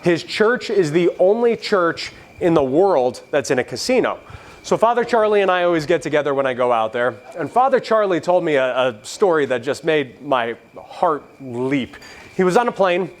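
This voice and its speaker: A man's voice: on the high side, lively intonation, moderate pace. A man in his thirties giving a convention keynote, provocative and joking, with a preacher-like delivery. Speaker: keynote speaker. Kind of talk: convention speech. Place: convention stage.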